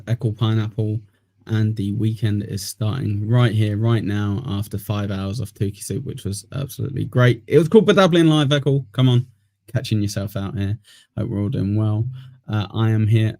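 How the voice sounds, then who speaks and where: A man's voice: lowish voice, fairly even intonation, moderate pace, mellow, no room sound, studio quality. A man hosting a casual podcast, rambling with lots of "uh" fillers and sweary banter. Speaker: podcast host.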